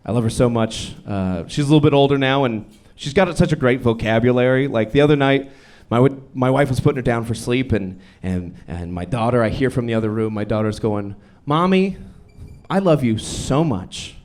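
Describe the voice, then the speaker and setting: A young man performing a stand-up set on a comedy club stage, with a deadpan, self-deprecating delivery. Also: medium pitch, brisk, few pauses. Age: young adult.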